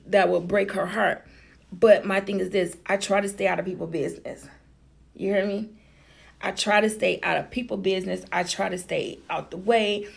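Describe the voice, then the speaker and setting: A woman's voice: mid-range voice, creaky. A woman vlogger telling a personal story to the camera in a blunt, chatty, profane way.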